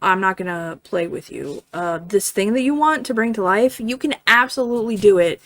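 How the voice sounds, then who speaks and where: A woman's voice: medium pitch, moderate pace, few pauses, no echo. A woman giving a casual tarot reading in a chatty way, full of fillers, often checking in with "right?" and swearing now and then. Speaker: tarot reader.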